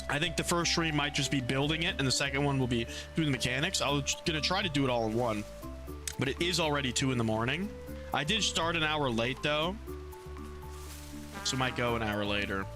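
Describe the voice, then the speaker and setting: A man streaming a game, chatting loosely with viewers, swearing casually and greeting them by name. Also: mid-range voice. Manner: soothing coos when calming his pet rats. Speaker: gaming streamer. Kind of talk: casual live-stream chat.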